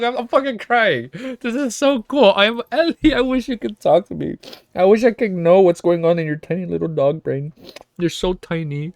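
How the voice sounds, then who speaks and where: A man reading a web novel aloud on stream, breaking off into excited, profane reactions and laughter. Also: sits high, moderate pace, dry recording, clean studio sound.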